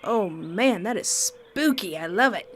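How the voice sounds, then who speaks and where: A woman's voice: mid-range voice, expressive, measured pace, fairly bright tone, husky. A woman streaming a game playthrough, chatting casually and reading the dialogue aloud. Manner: chatty, reads game dialogue aloud and coos to her cat.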